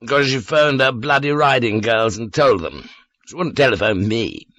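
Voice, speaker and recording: A man's voice: mid-range voice, normal speed, fairly bright tone, no room sound, dull audio, natural voice. A man voicing a drunk, morose and suspicious man with slurred, grudging speech in an audiobook. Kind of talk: audiobook character voice.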